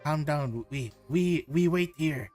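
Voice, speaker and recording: Casting: man doing a steady companion, slow and calming. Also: a little high, soft background music. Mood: soothing. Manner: slow, soothing. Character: calm male companion soothing a friend.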